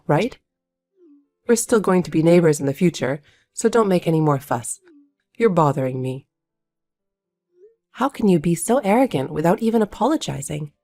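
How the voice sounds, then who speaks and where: Female reader, lower register, sharp scripted dialogue, dry read over faint music. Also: dry recording. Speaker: voice actor reading a story. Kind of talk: scripted dramatic reading of dialogue.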